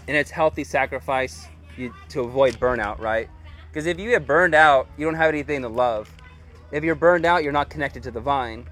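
A man's voice: medium pitch, a bit bright. A man preaching a sermon in a loose, chatty way, full of "like" and "dude". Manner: informal and chatty, heavy use of "like" and "dude". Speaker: pastor. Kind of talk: casual conversational sermon.

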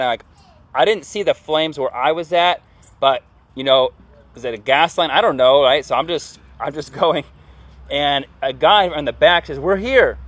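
Animated storytelling man, dry close sound. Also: a little high, no room sound. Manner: animated, lots of fillers, acts out yelling. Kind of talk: casual storytelling.

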